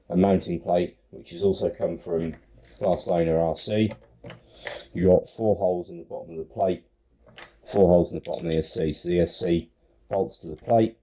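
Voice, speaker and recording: Middle-aged male host, deep and mellow voice, relaxed build walkthrough with frequent ums. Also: low-quality recording. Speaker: RC hobby channel host.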